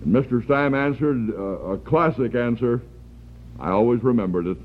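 A man preaching a sermon, earnest and deliberate, lifting his voice for emphasis. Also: medium pitch. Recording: tinny phone-like archival recording.

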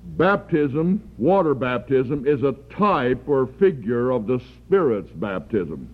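Slow earnest preacher on a tinny recording. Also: male voice, mid-range voice, big pitch swings. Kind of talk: sermon. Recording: tinny phone-like archival recording.

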